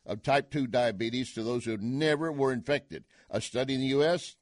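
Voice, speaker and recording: A man's voice: medium pitch, moderate pace, no room sound. An older man hosting a talk radio show, delivering an opinionated monologue with emphatic, punchy asides into a studio mic.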